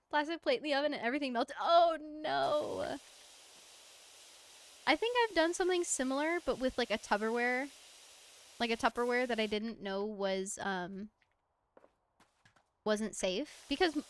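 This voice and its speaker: Chatty American woman streamer, slightly high voice, casual and giggly. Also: a bit bright. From United States. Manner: chatty, rambling storyteller who laughs often. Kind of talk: casual stream chat while gaming.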